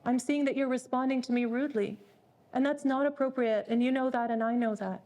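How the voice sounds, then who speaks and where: A woman speaking as a mother who talks calmly and firmly to her daughter. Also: high-pitched, lightly acted. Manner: calm, measured, gentle but firm.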